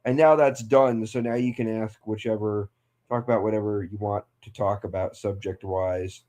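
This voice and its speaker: A man hosting an open chat, explaining the format in a relaxed, slightly hesitant way. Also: fairly low pitch, normal speed. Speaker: host. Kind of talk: casual chat.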